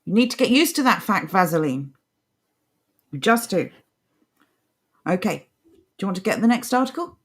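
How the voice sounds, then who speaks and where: A woman's voice: mid-range voice, animated, normal speed, pauses often, slightly rough. Blunt, scornful woman podcast co-host. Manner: blunt, scornful, laughs often. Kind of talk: casual opinionated chat, reading an article aloud.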